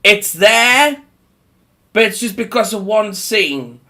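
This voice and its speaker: A man delivers a profane, rambling rant in a bright, forceful voice. He talks at an unhurried pace, laughs often between his points, and mocks other people in put-on voices. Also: sits high, expressive. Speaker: horror movie vlogger.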